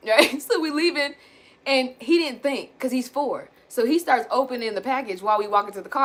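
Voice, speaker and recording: A woman in her thirties venting candidly to her viewers, blunt and animated, swearing casually and calling them y'all. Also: a little high, moderate pace. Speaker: self-help vlogger.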